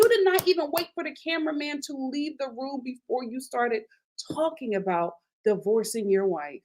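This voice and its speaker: A woman hosting a casual reality TV review. She talks in an animated, emphatic way and repeats her lines for effect. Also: sits high, normal speed. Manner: retells scenes in quoted voices. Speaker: host of a TV recap channel.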